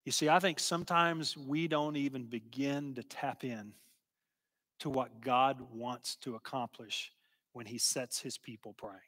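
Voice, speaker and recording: A man preaching a sermon and telling a story, slow and emphatic, sometimes dropping to a hush. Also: mid-range voice, fairly even intonation. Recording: long hall reverb.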